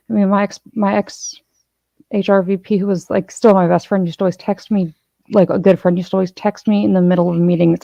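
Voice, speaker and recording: A woman's voice: medium pitch, flat delivery, brisk, vocal fry, warm tone, no echo, muffled recording. A woman host in casual chat, telling a rambling story full of restarts. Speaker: channel host.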